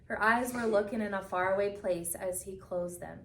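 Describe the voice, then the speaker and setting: A woman reading a picture book aloud with expressive storytelling, slowing down for the solemn moments. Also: mid-range voice, slight background noise. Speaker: reader. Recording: echoey room from a distance.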